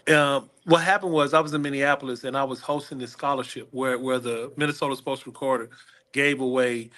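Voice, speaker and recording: A man's voice: medium pitch, a little fast. A middle-aged man, a guest comedian, telling stories in a casual interview and acting out the people in them. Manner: animated, acts out the people in his stories.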